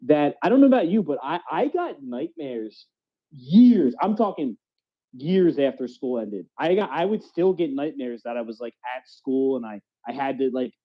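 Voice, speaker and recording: A man hosting a casual podcast chat, animated and loose, swearing freely and restarting his sentences. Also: mid-range voice, normal speed. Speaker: podcast host. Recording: dull lo-fi audio.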